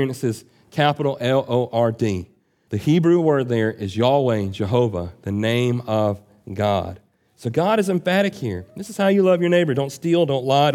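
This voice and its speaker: A man's voice: on the high side, darkish tone. A man preaching a sermon, reading scripture aloud and explaining it in an earnest, emphatic way. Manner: earnest, emphatic teaching with rising and falling delivery.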